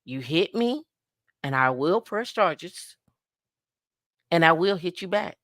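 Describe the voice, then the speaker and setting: A woman co-hosting a podcast in casual talk, an emphatic, lively storyteller who acts out the dialogue and repeats her advice for effect. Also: fairly low pitch, slow pace, no room sound, studio quality. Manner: emphatic, repetitive advice-giving. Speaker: podcast co-host.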